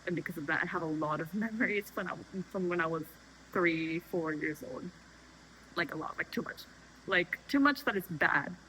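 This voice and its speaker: A young woman chats off the cuff at home, rambling and correcting herself as she goes. Her voice sits a little low but has a bright, forceful edge. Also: expressive, moderate pace, slight background noise, poor audio. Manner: rambling, chatty, frequent fillers and self-corrections. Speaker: vlogger. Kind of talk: unscripted casual chat. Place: home, making tea.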